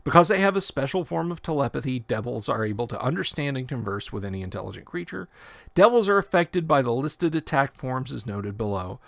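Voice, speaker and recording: Gravelly man reading rules on a livestream. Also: mid-range voice, a bit bright, dry recording. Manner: reads rule text aloud with asides and self-corrections. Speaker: livestream host. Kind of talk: casual livestream reading and commentary.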